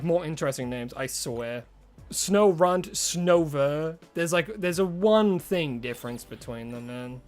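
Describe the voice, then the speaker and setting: A man streaming a game live, chatting casually with his viewers and rambling through asides. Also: fairly high pitch. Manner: chatty, answers chat messages, rambling asides.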